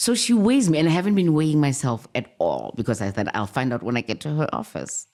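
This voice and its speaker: Animated podcast co-host with a lively voice. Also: mid-range voice, quick pace. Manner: animated storyteller with exclamations. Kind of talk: casual chat.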